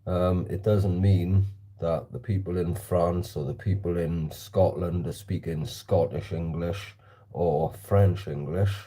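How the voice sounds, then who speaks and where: Dark, husky man chatting. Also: low-pitched, fairly even intonation, slow. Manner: chatty, reads out and answers viewer comments. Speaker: slingshot vlogger. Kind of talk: casual talk while target shooting. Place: indoor hallway.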